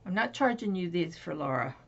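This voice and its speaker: A woman's voice: on the low side, lively intonation, brisk. A woman, possibly older, chatting casually on her crafting vlog, rambling with lots of fillers and restarts. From Florida. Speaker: crafting vlogger. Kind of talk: casual chat. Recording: dull lo-fi home recording.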